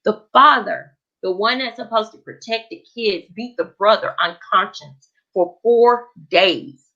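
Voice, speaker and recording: A woman's voice: mid-range voice, measured pace, sharp tone. A woman hosting a casual live stream, reading comments aloud and talking in a caring, comforting, emphatic way with a vernacular flavor. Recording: slightly lo-fi.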